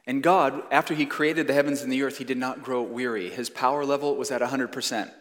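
Earnest pastor preaching in a reverberant church. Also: male voice, mid-range voice, steady tone. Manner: earnest, emphatic preaching with slow stressed phrases. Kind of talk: sermon. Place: church sanctuary. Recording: long church hall reverb.

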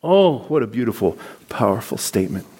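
A man's voice: on the low side, big pitch swings, brisk, mellow, slightly rough. A man giving a sermon, reading scripture passages aloud and commenting on them in a conversational preaching tone. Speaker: pastor.

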